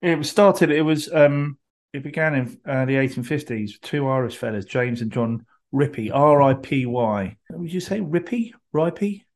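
A man's voice: mid-range voice, normal speed. A man, co-hosting a casual chat, telling stories with many ums and restarts. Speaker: co-host. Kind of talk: casual chat about whiskey and anecdotes.

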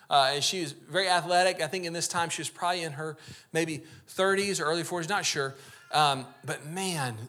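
A man preaching a sermon, telling a personal story with lively swings between loud, animated moments and hushed, quiet ones. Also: on the high side. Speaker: pastor.

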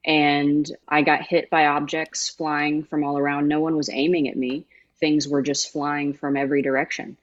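A woman who used to be a sideline reporter is a guest in a conversational interview, telling an emotional story with emphatic, heartfelt delivery. Her voice is low and flat at a moderate pace, and the highs are cut off.

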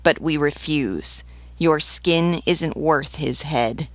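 A woman's voice: low-pitched, takes it slowly, no echo. A woman voicing a defiant, scornful male rebel defending a besieged tower, in an audiobook reading.

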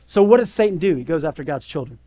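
A man's voice: fairly high pitch, lively intonation, quick pace, mellow. A man preaching a sermon in a conversational way, often checking in with "right?" and acting out the voices he quotes. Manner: conversational, keeps asking "right?". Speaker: pastor.

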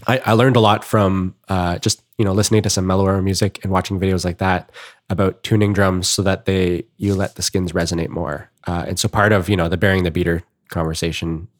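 A man's voice: low-pitched, little pitch movement, a little fast, dry recording, studio quality. A man co-hosting a podcast, talking casually and rambling with fillers and restarts. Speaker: podcast co-host. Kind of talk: casual chat.

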